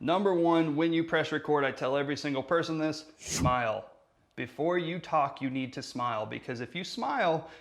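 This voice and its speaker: A man hosting a casual how-to tutorial on a lav mic, talking with energy and plenty of inflection. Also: mid-range voice. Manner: energetic, talks with his hands, lively inflection. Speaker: marketing tutorial host. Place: room with hard surfaces.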